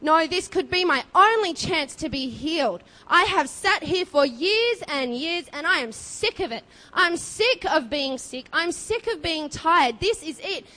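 A woman voicing a desperate blind male beggar who yells and pleads for mercy. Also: extremely high pitch, expressive, a little slow, hardly any pauses, voice pushed up, exaggerated voice. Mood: desperate pleading. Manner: yelling, pleading.

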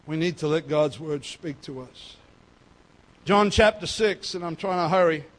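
A man giving a sermon as pastor, emphatic and swinging between loud and soft. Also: fairly high pitch, unhurried.

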